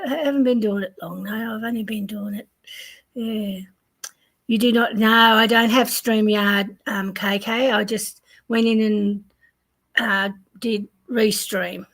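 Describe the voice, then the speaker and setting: A woman's voice: a little high, fairly bright tone, slightly rough. An older Australian woman hosting a casual crochet livestream, chatting and laughing as she greets viewers. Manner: chatty, rambling, laughs often. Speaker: livestream crochet channel host.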